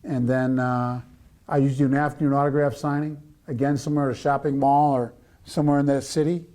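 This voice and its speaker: A man as an interview guest, speaking in a measured way and listing a daily routine step by step. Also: medium pitch, little pitch movement, mellow. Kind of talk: casual interview recollection.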